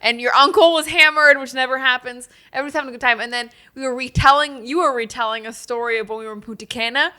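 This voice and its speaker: High, bright-voiced teasing woman. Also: fast talker, few pauses. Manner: chatty, teasing, laughs along. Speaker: podcast co-host. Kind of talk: casual chat.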